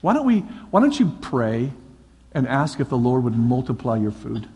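A man preaching as a pastor, energetic and coaxing, often repeating his calls to the crowd. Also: medium pitch, moderate pace, husky, highs cut off. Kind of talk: lively sermon demonstration. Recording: long hall reverb, faint crowd.

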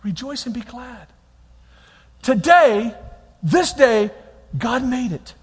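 A man preaching a lively sermon as pastor, swinging between quiet reflection and loud exhortation. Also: extremely high pitch, slow, husky. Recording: long hall reverb.

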